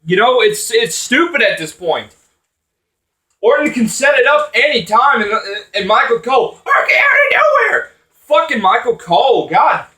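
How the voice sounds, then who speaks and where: A man's voice: very high voice, expressive, normal speed, sharp tone, echoey room, far from the mic. A man ranting angrily about wrestling, swearing often and rambling with restarts. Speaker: wrestling commentator vlogger. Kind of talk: angry profane rant.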